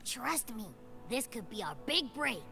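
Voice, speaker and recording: Boastful raspy glutton creature, bright and bouncy, game dub. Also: female voice, on the high side, sing-song, a little slow, full character voice. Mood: eager. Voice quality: raspy smoker-like voice. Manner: boastful, chatty. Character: small cheeky gluttonous companion creature. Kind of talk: game voice acting. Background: music.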